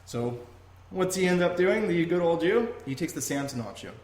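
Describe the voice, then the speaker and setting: A man's voice: on the high side, expressive, normal speed, a little mellow. A man hosting a podcast in a heated, emphatic rant that often turns to swearing. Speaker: podcast host. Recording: echoey room with faint noise.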